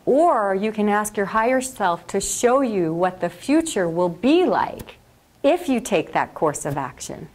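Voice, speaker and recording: A woman leading a workshop, guiding a group through a meditation in a slow, calm and soothing way. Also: medium pitch. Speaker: workshop leader. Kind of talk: guided meditation. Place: classroom or workshop.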